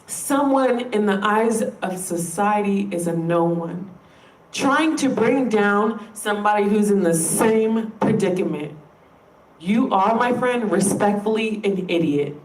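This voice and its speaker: A woman's voice: mid-range voice, a little slow, darkish tone. A woman vlogger speaking straight to her viewers in an emphatic, frustrated rant, swearing freely as she makes her point. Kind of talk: direct-to-camera rant. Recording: roomy sound, distant from the mic.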